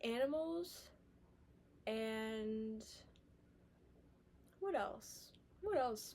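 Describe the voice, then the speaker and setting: Young woman rambling on the floor, kinda high voice, faint room hum behind, drops to whispers now and then. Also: a little slow. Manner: rambling, animated, drifts into soft whispers. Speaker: vlogger. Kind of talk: casual musing monologue. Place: indoors, sitting on the floor.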